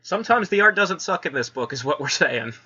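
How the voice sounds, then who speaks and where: Chill guy recapping a comic, kinda high voice, lots of "like", muffled lo-fi sound. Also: lively intonation, brisk, sharp tone, husky. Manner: laid-back, lots of "like" fillers, laughs often. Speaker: podcast co-host. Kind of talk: casual comic review chat.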